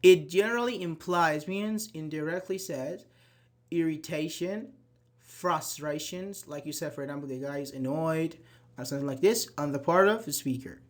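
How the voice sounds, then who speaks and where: A man's voice: a little high, normal speed. A man teaching an online English grammar class, reading example sentences aloud and quizzing his students.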